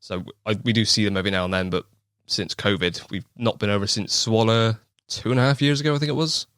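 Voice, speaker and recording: In a casual interview chat, a young podcast guest with a West Country English accent jokes around, talks quickly and laughs at himself. His voice is lowish with a fairly bright tone, and the recording is dry.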